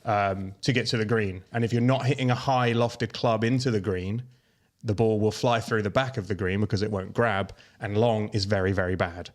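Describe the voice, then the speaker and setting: A man's voice: on the low side, steady tone, moderate pace. A man hosting a golf podcast, explaining course details in a casual, explanatory way. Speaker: podcast host.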